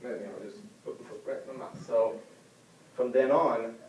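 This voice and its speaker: A man speaks casually to a class, mimicking the people in his stories with jumps up in pitch. His voice is dark and mellow. It is caught by a camera at the back of an echoey classroom with faint ambience. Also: normal speed, a little hiss or hum. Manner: conversational, acts out quoted people with big pitch jumps. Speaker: student giving a class speech. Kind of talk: informal classroom speech. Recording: roomy classroom heard from a distant camera.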